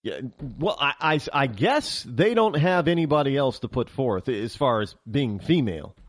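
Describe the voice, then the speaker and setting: A man's voice: medium pitch, lively intonation, moderate pace, no room sound, studio quality. A man hosting a political talk show, ranting heatedly in a monologue and often stammering and restarting.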